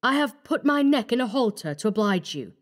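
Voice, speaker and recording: A woman voicing a frightened young male medical student, hoarse and pleading desperately. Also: fairly high pitch, sing-song, fairly quick, pitched above the performer's own voice.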